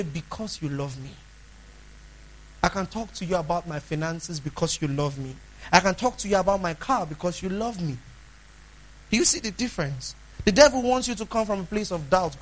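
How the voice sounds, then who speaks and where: A man preaching a sermon, emphatic, asking the congregation questions and swinging between loud declarations and hushed asides. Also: high voice, low-quality recording.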